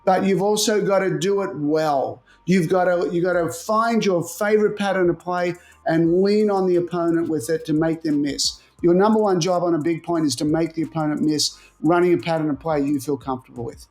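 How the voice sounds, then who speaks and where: A man's voice: a little high, fairly even intonation, a little fast, few pauses, a little mellow. A man who coaches tennis strategy, telling stories animatedly in a casual interview and often repeating words as he thinks. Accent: Australian.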